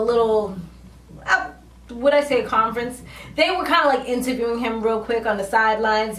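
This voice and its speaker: A fairly high-voiced woman recaps a TV episode in a casual, slangy vlog, acting out the characters' lines with lots of animation. She sits a bit back from the mic in a roomy, echoey space. A faint hum of ambience runs underneath. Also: recorded from a distance. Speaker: TV recap vlogger.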